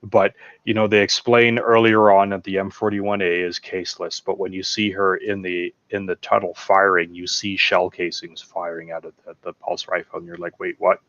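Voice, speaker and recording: Guest, male, low-pitched, excitable fan energy, muffled dry mic sound. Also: moderate pace, few pauses, dry recording. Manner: enthusiastic, animated retelling with acted-out quotes. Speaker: podcast guest. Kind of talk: casual film discussion.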